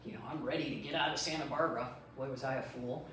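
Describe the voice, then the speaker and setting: A middle-aged woman from Michigan tells a personal story to a meeting group, animated and chatty, slipping into the voices of the people she quotes. She stands some way off the microphone, and the room around her is strongly echoey with a faint hum of noise. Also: rumbling low, quick pace. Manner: lively, animated, acts out quotes. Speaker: guest speaker. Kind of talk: storytelling talk. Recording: echoey room, distant mic.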